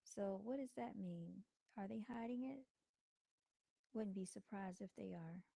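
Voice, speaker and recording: A woman talks casually to her livestream viewers, often calling them "y'all". Her voice is mellow and warm. The sound is dry and close, from a desk microphone at home. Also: mid-range voice, unhurried, creaky, slightly rough, dry recording. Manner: chatty, addresses viewers as y'all. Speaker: livestream host. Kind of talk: casual live-stream talk.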